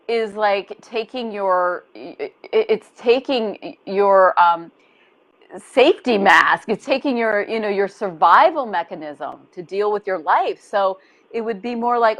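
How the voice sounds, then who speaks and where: A woman coach talking in an encouraging, conversational way, explaining her points with gentle repetition. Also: mid-range voice, expressive, unhurried, low-quality recording. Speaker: body image coach. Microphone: video call.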